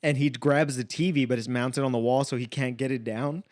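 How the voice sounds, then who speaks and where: A young man with a Texan accent, co-hosting a comedy podcast and telling stories in an animated, profane way. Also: medium pitch, a little fast, dry recording, clean studio sound. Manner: animated, swears freely, acts out quotes. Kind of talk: casual comedic storytelling.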